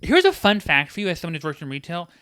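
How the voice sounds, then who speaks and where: A young man co-hosting a podcast rants with lively energy, and his tone comes across as sarcastic. His voice is bright and edgy and sits a little high for a man. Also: fast talker, smooth. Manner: animated, sarcastic-sounding ranting. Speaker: podcast co-host. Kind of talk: casual chat.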